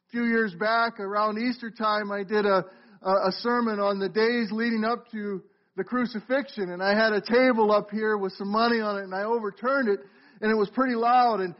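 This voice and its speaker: A middle-aged man with a strikingly high voice delivers a sermon from the pulpit. His manner is conversational, and he often turns to question the congregation. The church recording sounds muffled and lo-fi. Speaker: pastor. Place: church sanctuary.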